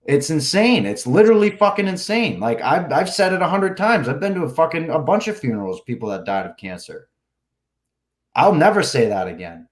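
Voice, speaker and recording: A man's voice: on the high side, big pitch swings, fairly quick. Swearing man telling a rambling story. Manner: rambling, heavy swearing, many "like" fillers, acts out quotes. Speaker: podcast guest. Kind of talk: casual profane storytelling.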